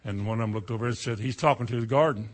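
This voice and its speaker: A middle-aged man preaching a sermon in a folksy storytelling way, dropping to a hush and then rising to loud cries. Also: medium pitch, very fast.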